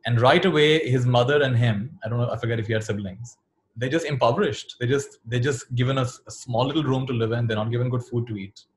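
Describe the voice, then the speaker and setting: A man giving a dharma talk to a youth group, telling teaching stories and acting out the characters' lines with soft laughs. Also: mid-range voice, fast, slight background noise. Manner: animated storyteller, acts out quotes, laughs softly.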